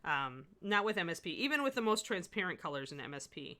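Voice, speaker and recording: A woman's voice: lowish voice, expressive, fairly quick, pushed and bright. A middle-aged woman giving a live miniature painting demo, chatting and laughing with her viewers as she works. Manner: chatty, rambling, laughs often.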